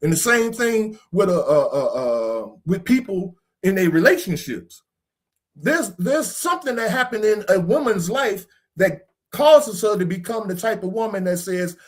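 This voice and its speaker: A man's voice: high-pitched, animated, moderate pace. A man hosting a podcast discussion, talking in a preachy, casual way and swearing now and then. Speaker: podcast host.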